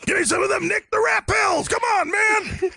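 A man's voice: very high-pitched, slow, creaky, pushed and bright, breathy edge, pitched above the performer's own voice, exaggerated voice. A man voicing a frenzied, crazed character who screams and begs for novelty pills. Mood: manic.

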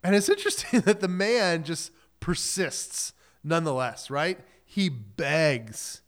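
A man's voice: on the high side, big pitch swings, takes it slowly. A man pastor giving a sermon in a casual, joking storyteller manner. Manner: casual, joking storyteller who acts out quotes.

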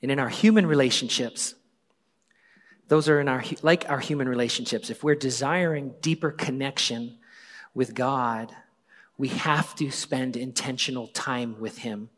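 A man in his forties, a pastor, telling a personal story in a conversational sermon, often dropping to a hushed voice. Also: mid-range voice, moderate pace. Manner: conversational, drops to hushed tones for quoted moments. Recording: long hall reverb.

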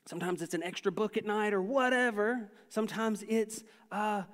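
A man preaching a sermon, telling animated stories and acting out his own shouts and soft talks. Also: sits high, moderate pace. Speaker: pastor. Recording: long hall reverb.

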